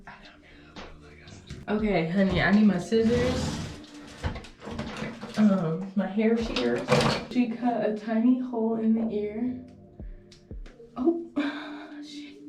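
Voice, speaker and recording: A woman's voice: mid-range voice, far from the mic, noisy background. A young woman vlogging casually at home, chatty and nervous, swearing and laughing to herself as she works. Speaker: beauty vlogger. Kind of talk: casual vlog talk to camera. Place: indoor room at home. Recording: echoey room, off-mic, music behind.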